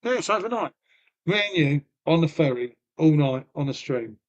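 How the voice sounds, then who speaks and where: Chatty Lincolnshire streamer, high-pitched voice. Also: male voice, lively intonation, moderate pace, dull audio. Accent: Lincolnshire English. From Lincolnshire, England. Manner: banters with chat, swears freely, trails off; folksy, peppered with "mate" and "innit". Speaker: live streamer. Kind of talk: casual live-stream chat.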